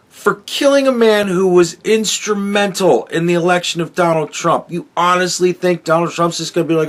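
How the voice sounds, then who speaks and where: Man, slightly high voice, solo podcast rant, profane, sarcastic, exasperated. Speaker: podcast host.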